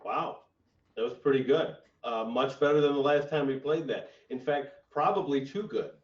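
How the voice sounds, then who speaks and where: Young man, improv show host, unhurried, laid-back, far from mic, echoey room. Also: medium pitch. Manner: laid-back and unhurried, announcing games and picking prompts. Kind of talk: hosting an online improv show. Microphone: video call. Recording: distant, dull, echoey video-call audio.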